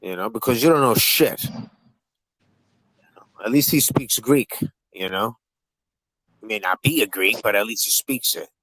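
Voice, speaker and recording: A man hosting a live-stream panel in casual chat. He swears constantly and needles the other guests with rapid-fire questions. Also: lowish voice, a bit bright, dry recording, low-quality recording.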